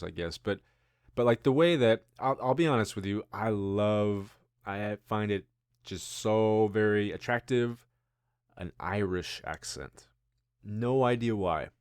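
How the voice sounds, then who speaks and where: A man in his thirties hosts a casual news-commentary show, rambling and musing with self-deprecating asides. His voice is on the low side, captured in a dry, clean studio recording.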